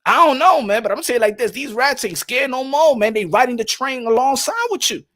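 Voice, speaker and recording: A man telling casual stories on a boxing podcast, animated and profane, laughing often. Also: very high voice, fairly quick. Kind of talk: casual storytelling chat.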